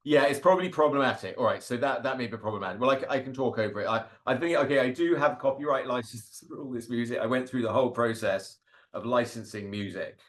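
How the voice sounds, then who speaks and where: This man speaks at medium pitch and a fast clip. He's a cartoonist and guest speaker chatting loosely over slides, wandering through his drawings with plenty of fillers and little chuckles.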